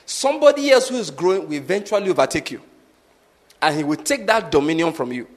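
A man's voice: fairly high pitch, very animated, fast talker. A man preaching a sermon, teaching with practical examples and often asking the congregation whether they follow his point. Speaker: pastor.

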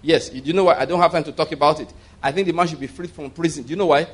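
A man's voice: fairly high pitch, racing, slightly rough. A man preaching a sermon in a conversational way, asking the congregation rhetorical questions and leading call-and-response.

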